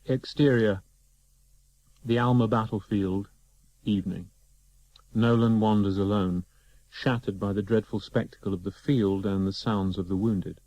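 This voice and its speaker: A man narrating and reading stage directions for a radio drama in a plain, measured way. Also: fairly low pitch, fairly even intonation, mellow, low-quality recording.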